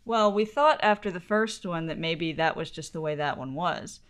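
A woman co-hosting a podcast, chatting in an amused, animated way. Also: lowish voice, normal speed. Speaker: podcast co-host. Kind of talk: casual chat.

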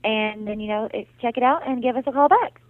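A woman's voice: a little high, brisk. A woman receptionist on a phone call, upbeat and accommodating. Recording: tinny phone line.

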